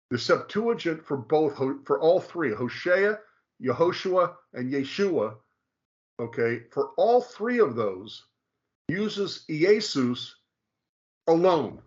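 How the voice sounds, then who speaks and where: A man explaining scripture in casual talk, lecturing with frequent restarts and checks of "okay". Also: medium pitch. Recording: dull lo-fi sound.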